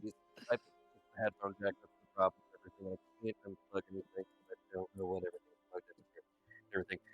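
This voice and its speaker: A man's voice: sits low, flat delivery, fast, breathy edge, lo-fi sound, faint music behind. A man narrating a tabletop role-playing game as game master, rambling and full of fillers. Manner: rambling, filler-heavy, lots of "like".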